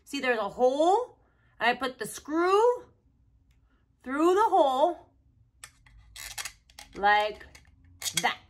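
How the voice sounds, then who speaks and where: A young woman hosts a children's learning video, teaching toddlers slowly and playfully as she shows each step. Her high, sing-song voice is repetitive and gently coaxing.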